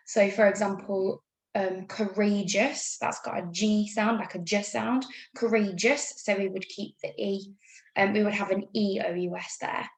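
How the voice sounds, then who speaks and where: An English woman teacher reads out a spelling test for children, upbeat and patient as she spells words out letter by letter. Her voice has a gravelly edge and sits in a middling register. The sound is echoey, as if in a bare room. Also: medium pitch, flat delivery. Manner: upbeat, talks slowly through spelling rules. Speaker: primary school teacher. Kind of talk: remote spelling lesson.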